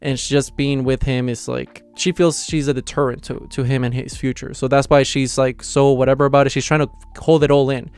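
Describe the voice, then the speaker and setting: Chatty young man with smooth voice. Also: medium pitch, flat delivery, brisk, hardly any pauses, a little mellow, no room sound, soft background music. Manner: rambling, filler-heavy, enthusiastic. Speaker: manga reviewer. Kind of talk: casual video review.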